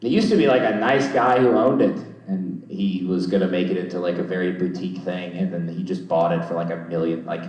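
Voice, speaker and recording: A man's voice: low-pitched, steady tone, fairly quick, hardly any pauses, darkish tone, very echoey, distant mic, low-quality recording. A young man doing loose crowd work at a comedy show, rambling, swearing and mocking himself. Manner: rambling, swearing, self-deprecating. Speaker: stand-up comedian. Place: comedy club stage.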